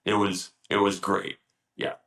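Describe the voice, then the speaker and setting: A young man in casual conversation, telling stories bluntly and peppering them with swearing. His voice sits low for a man. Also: monotone, unhurried, a bit bright, low-quality recording. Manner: profane, blunt, storytelling. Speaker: guest, air force intelligence analyst. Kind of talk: casual chat.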